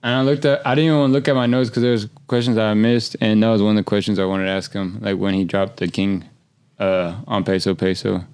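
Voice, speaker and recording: Smooth-voiced young man, slangy podcast host. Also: lowish voice, level tone, fast talker, darkish tone. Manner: loose, slangy, rambling with restarts. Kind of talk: casual podcast chat.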